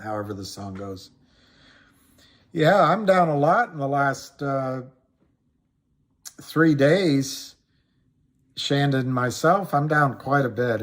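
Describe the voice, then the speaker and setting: Guy on a livestream, talks real slow, rambles, reads chat out loud, mid pitch. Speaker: livestream host. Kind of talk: casual livestream chat about stocks.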